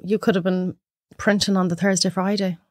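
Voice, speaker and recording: An Irish woman in her thirties tells stories in a casual chat, swinging her pitch widely as she mimics the people in them. Her voice sits at a middle pitch and sounds close and dry, with no room around it. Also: brisk, dry recording. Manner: animated storyteller acting out clients in high voices. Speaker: podcast guest.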